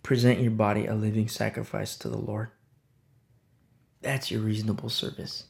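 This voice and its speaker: A man's voice: on the low side, flat delivery, moderate pace, gravelly. A man pastor giving a conversational sermon, stressing points through repetition.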